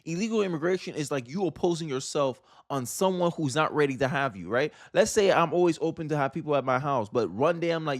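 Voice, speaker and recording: A man's voice: fairly high pitch, expressive, fast, few pauses, dry recording, clean studio sound. A man from Florida hosting casual political commentary, talking emphatically with slang and frequent restarts.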